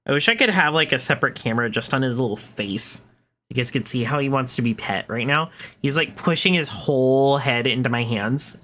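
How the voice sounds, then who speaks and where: A young woman chatting casually to her viewers while streaming a game, excitable and talking to her cat. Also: very deep voice, quick pace. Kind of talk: casual live stream chat.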